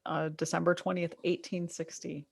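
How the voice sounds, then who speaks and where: A man's voice: fairly high pitch, little pitch movement, normal speed, gravelly, breathy edge, no room sound, clean studio sound. A man co-hosting a casual history podcast, chiming in with short laid-back remarks and reading a quote. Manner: laid-back, brief agreeing replies. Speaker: podcast co-host.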